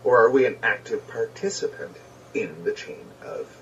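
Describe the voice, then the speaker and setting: A man's voice: mid-range voice, normal speed, a little hiss or hum. A man musing aloud, hesitant and questioning, with frequent ums. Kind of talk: musing discussion. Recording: muffled distant recording played back.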